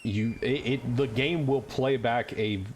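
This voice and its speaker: A man's voice: medium pitch, fairly even intonation, a little slow, a little hiss or hum. A man streaming a game, with joking, profane, rambling commentary. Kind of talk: casual gaming commentary.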